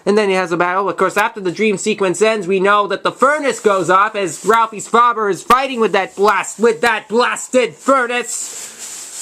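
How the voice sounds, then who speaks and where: A young man hosting his own movie review, retelling a plot in a casual, halting way full of restarts and false starts. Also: sits high, pushed and bright.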